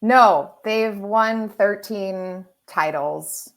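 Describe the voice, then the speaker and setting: A woman from Wisconsin with a Wisconsin accent, a guest on a podcast, friendly and quick to laugh in casual chat. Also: medium pitch, fairly bright tone. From Wisconsin, USA.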